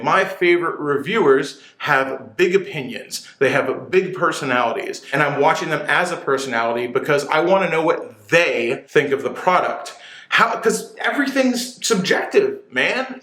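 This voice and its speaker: A man rants to the camera with big opinions, swearing and tripping over his restarts while he gets sweaty. His voice sits slightly high and sounds bright and sharp. With no microphone, the room around him echoes. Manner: animated, opinionated, profane, stumbling restarts. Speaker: motorcycle channel host. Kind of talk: casual rant to camera. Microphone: camera mic, no dedicated microphone.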